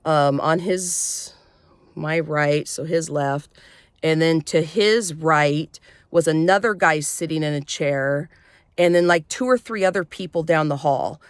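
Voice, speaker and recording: Low-voiced woman telling a personal story. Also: clean tone, no room sound, studio quality. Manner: emotional, halting, with many restarts. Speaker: vlogger.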